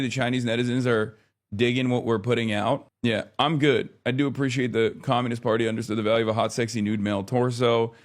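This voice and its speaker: A man in his thirties with a mid-range voice chats casually on a live stream, rambling, often exasperated and swearing now and then.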